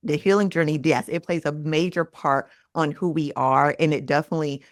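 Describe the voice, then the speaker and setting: A woman's voice: sits low, a little fast, dry recording, studio quality. A woman in her thirties, a mindset coach, talking earnestly in a casual podcast chat and acting out quoted lines. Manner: earnest, animated, acts out quotes.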